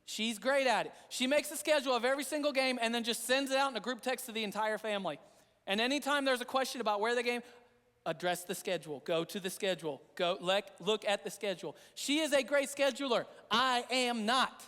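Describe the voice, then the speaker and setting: High-voiced man preaching in an echoing hall. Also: a little fast, fairly bright tone. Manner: earnest, repetitive conversational preaching. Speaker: pastor. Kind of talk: sermon. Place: church sanctuary.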